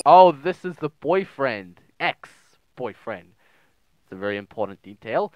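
A man's voice: mid-range voice, lively intonation, moderate pace, dry recording. A young man giving casual, crude, joking commentary while playing a game, often reading messages aloud in silly voices. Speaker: gaming video host. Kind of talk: casual let's play commentary.

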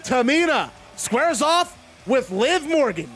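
An excitable male commentator with a very high voice, rambling through his narration of a simulated wrestling show. Faint music plays behind him. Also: takes it slowly.

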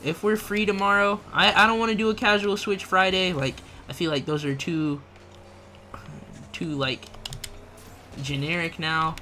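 Bright-voiced young man chatting with his stream. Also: high voice, level tone, a little slow, pauses often, slight background noise. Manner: slangy, laughs often, reads chat aloud. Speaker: gaming livestreamer. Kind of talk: casual live-stream chat.

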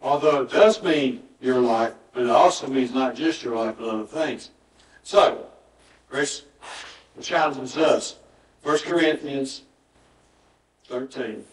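A man's voice: medium pitch, takes it slowly, pauses often. A male pastor, preaching a sermon in a church and telling a story, acting out the dialogue with emphatic repetition. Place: church sanctuary. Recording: roomy church audio, mic at a distance.

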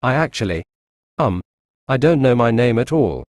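A shy young engine who stammers and trails off, unsure of every word, as a man puts him on. His voice sits at a middling pitch. Clear music plays underneath the storybook telling. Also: sing-song, normal speed, darkish tone, dry recording, studio quality, natural voice. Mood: nervous. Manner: stammering, hesitant. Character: shy nervous young male new engine.

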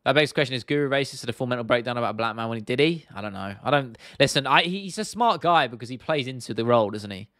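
A man's voice: mid-range voice, expressive, racing, hardly any pauses, a bit bright, dry recording, clean studio sound. A man hosting a casual livestream Q&A. He rambles a little and answers viewer questions directly and bluntly. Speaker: host.

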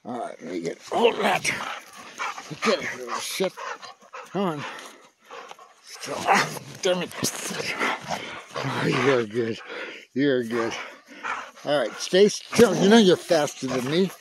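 A man's voice: mid-range voice, very animated, slow pace, long pauses, heavy background noise. An older man talking casually to his dog, coaxing and teasing it with mild curses. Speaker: dog owner playing with his pet.

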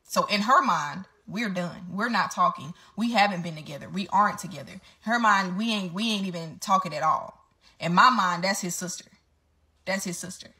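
A woman's voice: on the low side, moderate pace, pushed and bright. A woman telling her story straight to camera in a casual storytime vlog, candid and swearing freely.

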